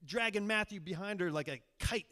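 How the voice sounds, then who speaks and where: Brief: man from Virginia, high voice, live stage storyteller, rambling and self-mocking, full of fillers. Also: a little fast, bright, forceful tone. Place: stage of a cultural center, live audience.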